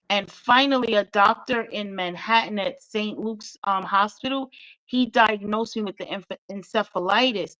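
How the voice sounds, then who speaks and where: A woman's voice: medium pitch, normal speed, a bit bright, dry recording, rough recording. A middle-aged woman, a guest author, telling her story with earnest feeling in a casual interview chat.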